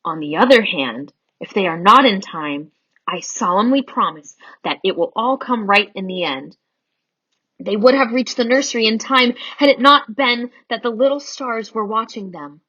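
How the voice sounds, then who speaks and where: A woman reading a children's story aloud in an animated, theatrical way. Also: mid-range voice, moderate pace, lo-fi sound.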